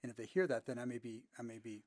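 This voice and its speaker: A man's voice: mid-range voice, steady tone, racing, darkish tone, no room sound, clean studio sound. A man speaking earnestly in a casual podcast conversation.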